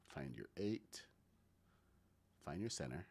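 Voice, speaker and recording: A man's voice: extremely low pitch, big pitch swings, slow pace, creaky, darkish tone, slightly rough. A man with a Caribbean accent giving casual commentary, thinking aloud and talking to his chat while building in a game. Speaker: gaming streamer.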